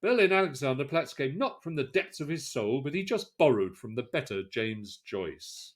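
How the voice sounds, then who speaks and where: A male podcast co-host explains history in relaxed conversation. His pitch moves animatedly up and down, and he restarts phrases now and then as he thinks. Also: normal speed. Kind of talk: conversational discussion.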